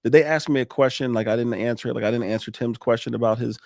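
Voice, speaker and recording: A man talking casually on a podcast, coaching listeners on sales and connecting with customers in an animated way that swings between loud and quiet. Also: medium pitch, fast talker, gravelly, no echo, studio quality. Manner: animated, coaching, laughs often.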